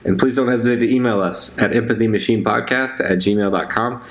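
A man co-hosting a podcast in casual chat, self-deprecating and quick to laugh. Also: fairly low pitch. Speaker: podcast co-host.

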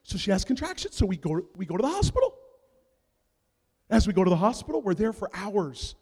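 In a large hall with a long, ringing echo, a pastor with a fairly high, slightly rough voice delivers a sermon at a fairly quick clip. His storytelling is animated and comic, jumping from quiet asides to loud bursts.

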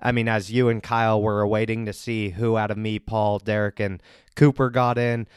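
A man's voice: on the low side, little pitch movement, normal speed, smooth, dry recording, studio quality. A man hosting a casual podcast, joking and teasing his guests and laughing often. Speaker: podcast host and league commissioner.

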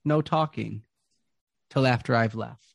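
A man voicing a showy, boastful male circus ringmaster who booms his lines and talks in rhymes. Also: a little slow, gravelly, no room sound. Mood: mock polite. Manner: booming, theatrical, speaks in rhymes.

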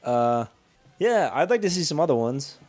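A man's voice: on the high side, sing-song, moderate pace, a little mellow, soft background music. A man co-hosting a casual podcast, riffing goofily with slang and silly bits. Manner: goofy, riffs with silly voices and slang. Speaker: podcast co-host.

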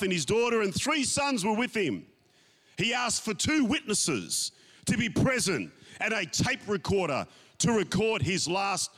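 Aussie preacher guy, high pitched and super lively, stretches words out, keeps asking the church to agree. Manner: emphatic, drawn-out phrases, calls to the congregation. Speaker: pastor. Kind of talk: sermon. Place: church sanctuary.

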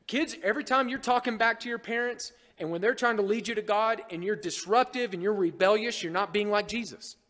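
Male pastor, sermon, animated and joking, high voice, long church-hall reverb. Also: brisk, hardly any pauses.

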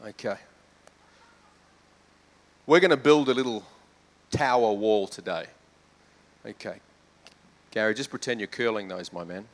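A man's voice: fairly low pitch, a little slow, pauses often. A man, a pastor with children, preaching a sermon in a conversational way that builds to fervent emphasis. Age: adult with children.

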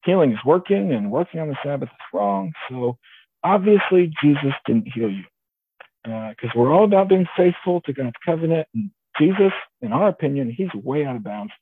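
A man's voice: on the high side, big pitch swings, normal speed. A man voicing rigid, pompous male religious leaders in a sermon, lecturing and dismissive. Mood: indignant. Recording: tinny phone-like sound, faint hiss.

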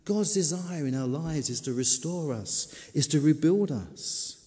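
A man preaching a sermon, emphatic, slowing down and repeating key words for stress. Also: a little high, lively intonation, mellow. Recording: long reverb of a large hall.

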